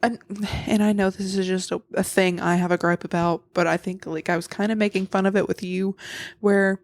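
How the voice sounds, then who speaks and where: A woman's voice: medium pitch, steady tone, a little fast, no echo. A woman co-hosting a podcast who chats casually about a movie with wry, profane quips. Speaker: podcast co-host.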